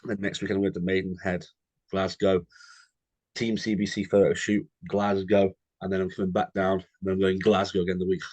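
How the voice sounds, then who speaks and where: A man's voice: deep voice, level tone, fairly quick, darkish tone, no echo, dull audio. A young English man co-hosting a podcast, chatting casually, calling his friend mate constantly and telling anecdotes. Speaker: podcast co-host. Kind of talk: casual chat.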